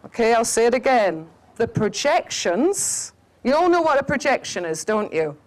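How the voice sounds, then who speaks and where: Woman teaching, animated and emphatic. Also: on the high side, low-quality recording. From Scottish Highlands. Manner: animated, quizzes the audience, drawn-out emphatic phrases. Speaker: shamanic teacher. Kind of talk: spiritual talk to a festival audience.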